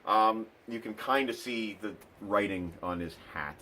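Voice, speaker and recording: A man's voice: lowish voice, unhurried, pushed and bright. Dry, sarcastic man unboxing toys. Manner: dry, sarcastic, lots of ums and uhs. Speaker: toy unboxing host. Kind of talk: casual unboxing chat.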